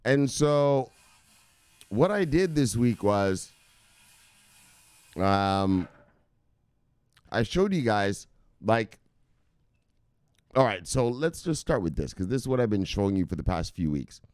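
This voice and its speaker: A man's voice: on the low side, sing-song, slow pace, long pauses, a little mellow, smooth, no echo. A man hosting a crypto news vlog in casual, rambling chat, with plenty of swearing and fillers. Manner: rambling, profane, full of fillers.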